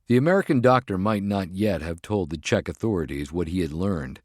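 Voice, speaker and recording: A man with a low voice reads a thriller audiobook in a measured, deliberate way. The recording is dry and close, with no room sound. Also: expressive, no room sound. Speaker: audiobook narrator. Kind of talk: scripted narration.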